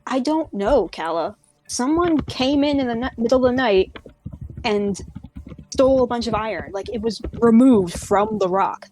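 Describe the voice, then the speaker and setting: A woman voicing an upset, tired male miner who talks in a halting, glum way. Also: fairly high pitch, lively intonation, darkish tone.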